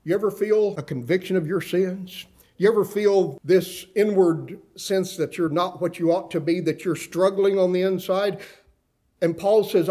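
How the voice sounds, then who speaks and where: A man's voice: moderate pace, mellow. A man preaching a sermon, talking straight to his congregation and swinging his voice up and down when he quotes scripture. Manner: dramatic swings in pitch and volume when quoting scripture; conversational, asks the congregation direct questions. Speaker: pastor.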